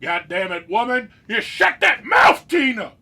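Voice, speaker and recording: Guy doing a gruff redneck husband, drawly double negatives, blunt. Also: mid-range voice, normal speed, noisy background, natural voice. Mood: bellowing. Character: beer-drinking rural husband, blunt and rough.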